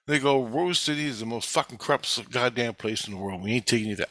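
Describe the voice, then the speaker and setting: A man's voice: mid-range voice, quick pace, few pauses, bright, forceful tone, no room sound. A man telling a rambling, agitated, profanity-filled story about his own experiences and acting out what others said to him in his own voice. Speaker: vlogger recounting experiences. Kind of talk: rambling first-person story.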